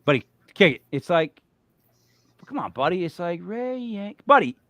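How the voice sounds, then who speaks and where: A man hosts a podcast, talking in a fairly high, very lively voice. He jokes and rambles in a loose, casual way. The recording is dry and close. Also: moderate pace, no room sound. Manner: animated, joking, rambling. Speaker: podcast host. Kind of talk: casual chat.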